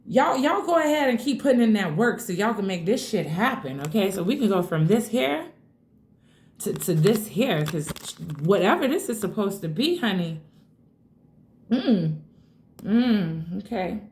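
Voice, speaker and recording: Gravelly-voiced woman reading tarot, excitable. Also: medium pitch, measured pace. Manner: excitable, swears freely, addresses viewers as y'all. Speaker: tarot reader. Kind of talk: casual tarot reading to camera. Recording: echoey room.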